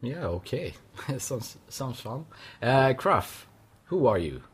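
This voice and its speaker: A man hosting a casual interview, excitable, swearing and stumbling over his questions. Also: mid-range voice, slow pace, husky. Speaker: podcast host.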